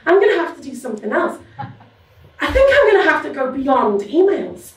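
A woman's voice: high voice, sing-song, a little fast. A woman performing a stand-up comedy set on a live stage, telling an exasperated, sarcastic story about work. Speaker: university staff doing stand-up. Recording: echoey room, distant mic, audience noise. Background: audience laughter.

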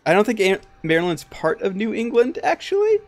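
A man co-hosting a game stream, chatting in an unhurried way and laughing often. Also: high voice, huge pitch swings, background noise. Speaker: streamer co-host. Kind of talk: casual gaming chat.

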